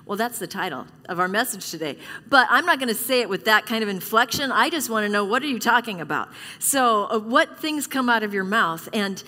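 A woman's voice: fairly high pitch, animated, fairly quick, few pauses, pushed and bright. Middle-aged lady pastor preaching, chatty and honest, big echoey church sound. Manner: conversational and candid, with frequent restarts. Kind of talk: sermon. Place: church sanctuary. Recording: long reverb of a church hall.

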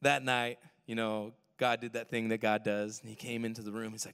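A young man telling a personal story in a sermon, animated, swinging from loud to hushed. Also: lowish voice, brisk, hardly any pauses, clear, resonant tone. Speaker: worship pastor. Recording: long hall reverb.

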